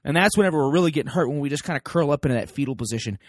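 Lively, folksy man with a dry sound. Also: on the high side, racing, no echo. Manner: animated, folksy, acts out quoted voices. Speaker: parenting podcast host. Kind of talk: casual talk to listeners.

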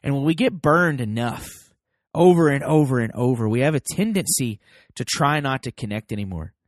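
A man's voice: medium pitch, animated, normal speed, no echo, clean studio sound. An American man hosting a parenting podcast, giving an emphatic motivational talk to his listeners and acting out both sides of little everyday dialogues. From United States.

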